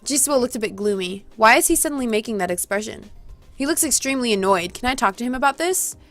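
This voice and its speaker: A woman's voice: fairly high pitch, expressive, quick pace, soft background music. Woman reading a visual novel aloud. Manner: reacting loudly, giggly. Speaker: let's play host.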